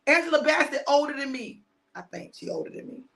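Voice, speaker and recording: This fifties-aged woman is hosting a live stream and offering her audience relaxed motivation. She repeats and stresses points a lot, turning preachy at moments and whispering asides at others, in a high, sing-song, slightly creaky voice that runs a bit fast.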